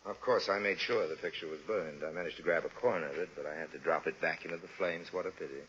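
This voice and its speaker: Smooth sardonic con man, deep crisp voice, old hissy radio sound. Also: fast talker, a bit bright. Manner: suave, wry and sardonic. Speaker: narrator and lead. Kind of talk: 1950s radio drama narration. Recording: muffled old radio broadcast with hiss.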